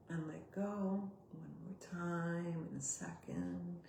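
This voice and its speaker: A woman coach leading a guided body exercise session, giving gentle step-by-step cues and sighing out loud along with the listeners. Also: on the low side, creaky, slight background noise. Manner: gentle, slow cues with audible sighs. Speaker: somatic coach. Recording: roomy echo.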